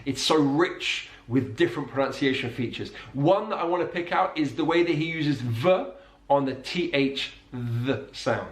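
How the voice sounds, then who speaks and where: A man teaching English accents in scripted narration, slowing down to demonstrate sounds. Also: mid-range voice. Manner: explanatory, demonstrates sounds slowly. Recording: roomy echo.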